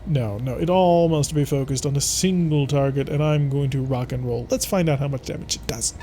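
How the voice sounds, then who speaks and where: A man's voice: medium pitch, a little fast, mellow, slight background noise. A man giving playful, theatrical commentary while playing a strategy game. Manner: playful, theatrical, talks to enemies. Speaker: gameplay commentator. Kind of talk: let's-play commentary.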